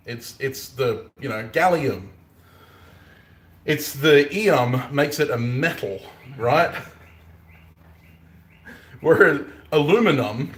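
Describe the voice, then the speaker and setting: A man's voice: on the high side, expressive, slow pace, long pauses. A man with an Australian accent, a bladesmith chatting casually on a live stream, joking and punning and laughing often. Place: workshop forge. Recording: roomy echoey workshop.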